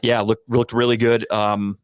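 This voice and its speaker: A man co-hosting a casual sports podcast, going on heated, profane rants that climb toward shouting. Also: lowish voice, level tone, unhurried, smooth, dry recording, clean studio sound. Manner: heated, profane ranting, rising to near-shouting. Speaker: podcast co-host.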